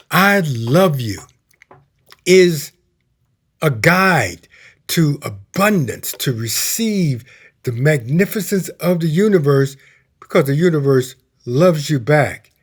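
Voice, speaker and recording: A man giving a sermon as minister, slow and emphatic, dropping to a hushed tone for prayer. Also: on the high side.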